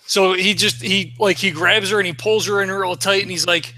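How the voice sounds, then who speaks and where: A man's voice: high-pitched, fairly even intonation, moderate pace, hardly any pauses, bright, forceful tone, no echo. A man playing a tabletop game, describing his character's actions in a casual, rambling way. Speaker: player.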